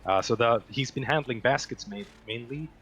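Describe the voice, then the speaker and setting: A man narrating a tabletop game as game master in a relaxed, descriptive way. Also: mid-range voice, moderate pace, husky.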